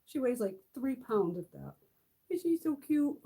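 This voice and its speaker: A middle-aged woman talks through a casual beauty live stream from her home, her voice slightly husky and a touch high. Her pitch swings widely as she chats, curses freely and coos softly at her cats. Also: big pitch swings, unhurried. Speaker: beauty vlogger.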